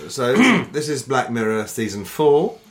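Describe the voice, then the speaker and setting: A man's voice: mid-range voice, sing-song, a little slow. A man co-hosting a comedy podcast, rambling in a dry, sweary way and laughing mid-sentence. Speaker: podcast co-host. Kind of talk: casual comedy chat.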